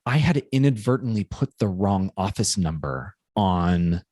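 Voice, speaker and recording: A male podcast co-host telling a personal story in a casual, thoughtful way, often halting and restarting. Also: low-pitched, animated, darkish tone, no echo, clean studio sound.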